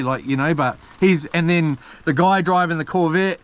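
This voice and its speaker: A man's voice: fairly high pitch, normal speed, a little hiss or hum. A man, a mechanic chatting loosely to his live-stream viewers from a boat, rambling with lots of ums and restarts. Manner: meandering storyteller with many ums and restarts, slangy. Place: on a boat at sea.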